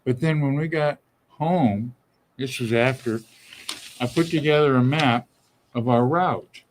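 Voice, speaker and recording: An older man, a guest on a talk show, telling stories in a relaxed, rambling way with lots of fillers. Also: medium pitch, a little hiss or hum, poor audio. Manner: slow, rambling storytelling with many fillers. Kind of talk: casual chat.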